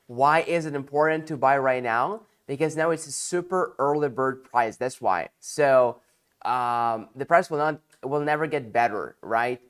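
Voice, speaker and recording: A tired man hosting a casual livestream sales pitch, chatty and rambling with lots of fillers and jokes. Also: a bit bright.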